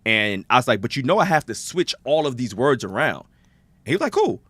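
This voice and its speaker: A man's voice: medium pitch, fairly quick, no room sound. A man from Jamaica, a guest on a podcast, telling stories casually and acting out the people he quotes. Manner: animated storyteller, acts out quotes. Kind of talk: casual chat.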